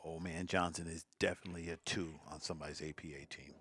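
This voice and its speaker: A man's voice: extremely low pitch, fairly even intonation, fast talker, a bit bright, slightly rough, no room sound. A man doing casual live commentary on a pool stream, teasing the players, giggling often and talking straight to his viewers.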